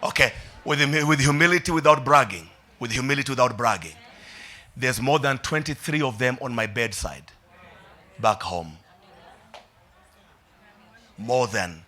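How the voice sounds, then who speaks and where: A male pastor preaching an energetic sermon in a church, calling on the congregation to repeat after him and often shouting. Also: mid-range voice.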